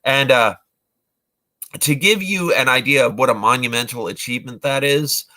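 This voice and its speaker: A man in his forties chats casually about movies he loves, rambling along with many fillers and restarts. His voice is bright and forward, sitting at an ordinary middle pitch. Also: moderate pace. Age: 40s. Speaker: vlogger, movie reviewer. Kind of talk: casual retelling of films.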